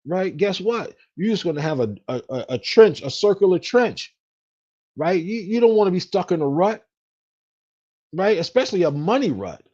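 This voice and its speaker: A man's voice: high voice, darkish tone, dull audio. A man hosting a finance podcast, giving a casual motivational talk with lots of fillers and repeated "right?" tags. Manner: repetitive, says "right?" often, many fillers. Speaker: podcast host, financial specialist.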